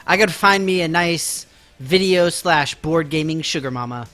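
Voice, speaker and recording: A male game streamer talks casually to his viewers while he plays. His voice sits a little high and sounds bright and forward. Soft game music plays faintly underneath. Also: normal speed. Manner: chatty and self-mocking, talking to viewers while playing. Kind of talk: casual live-stream gameplay chat.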